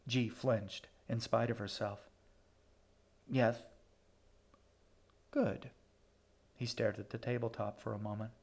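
Male audiobook narrator, measured and steady delivery. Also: on the low side, vocal fry.

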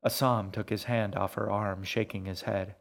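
A man narrating an audiobook in a measured, hushed storytelling manner. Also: fairly low pitch, level tone, gravelly. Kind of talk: scripted narration.

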